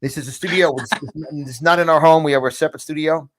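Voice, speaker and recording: A man's voice: a little high, fairly even intonation, quick pace. Fired-up man with a New York accent. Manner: rambling, fired up, repeats words. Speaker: podcast host. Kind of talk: animated talk-show chat. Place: large studio.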